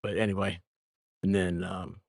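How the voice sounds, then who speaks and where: A man's voice: low voice, little pitch movement, moderate pace, gravelly. A man from Memphis with a Southern American accent, co-hosting a casual chat and telling stories in a laid-back, rambling way. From Memphis, Mid-South United States. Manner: laid-back, rambling, laughs mid-sentence. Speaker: co-host.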